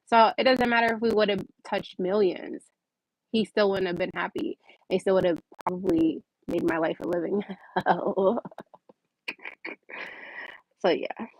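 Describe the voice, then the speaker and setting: A woman's voice: lowish voice, no echo, rough recording. Candid woman chatting on a livestream. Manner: candid, animated storytelling, reads viewer comments. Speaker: livestream host. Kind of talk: casual livestream chat.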